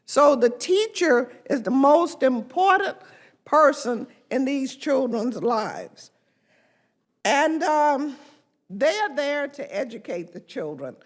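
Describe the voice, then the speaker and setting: An older woman, a congresswoman, giving an emphatic, deliberate press conference speech. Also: high voice, sing-song.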